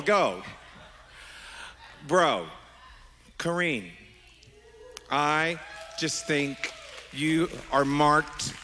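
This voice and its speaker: A middle-aged man preaching as a pastor, animated and affectionate, wandering into asides with his congregation. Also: mid-range voice, slight background noise. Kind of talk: sermon. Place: large church sanctuary. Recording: long hall reverb.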